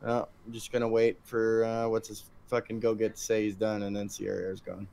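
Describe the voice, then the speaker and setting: A man's voice: lowish voice, monotone, moderate pace, gravelly, dark tone. A man co-hosting a gaming podcast, making dry crude jokes in casual chat. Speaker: podcast co-host.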